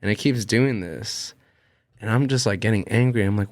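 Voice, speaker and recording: A young man, a podcast guest, telling a long personal story in casual chat, animated and swearing freely as he acts out what he said. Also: fairly low pitch, normal speed, dry recording.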